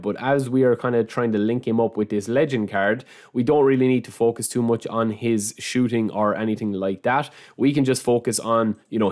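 A man's voice: mid-range voice, darkish tone. A young man hosting a gaming channel, talking casually through a game review with lots of fillers and restarts. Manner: chatty, many fillers and restarts.

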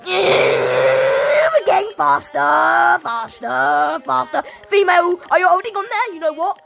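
A woman giving goofy, excitable gameplay commentary, shouting now and then, with a sore throat. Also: high-pitched, slow, vocal fry, music in the background. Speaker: gaming video creator.

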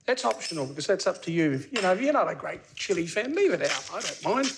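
A man's voice: high-pitched, very animated, quick pace, vocal fry, noisy background. A man hosting a cooking show in a studio kitchen, chatting casually and joking with the crew as he cooks. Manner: chatty, jokey, talks to the crew while cooking.

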